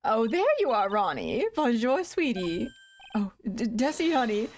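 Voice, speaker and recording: A woman's voice: fairly high pitch, very animated, unhurried. A woman voicing a flirty, doting woman who drops in French greetings, in a sing-song manner.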